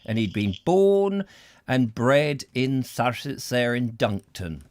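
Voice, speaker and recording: A man's voice: mid-range voice, sing-song, slow pace, a little mellow, no echo. Jokey rambling man with a southern English accent. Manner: rambling, jokey, self-mocking. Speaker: host. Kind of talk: casual comedy chat.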